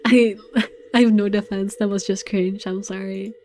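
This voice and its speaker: Giggly streamer woman, mellow voice. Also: mid-range voice, steady tone, moderate pace. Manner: giggly, self-mocking asides. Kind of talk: casual commentary while playing. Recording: faint game music behind.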